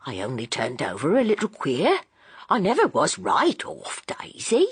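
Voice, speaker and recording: A woman's voice: fairly low pitch, huge pitch swings, measured pace, husky, no echo, exaggerated voice. A woman reading an audiobook, voicing a proud, worn middle-aged landlady who speaks faintly and pettishly in a near whisper.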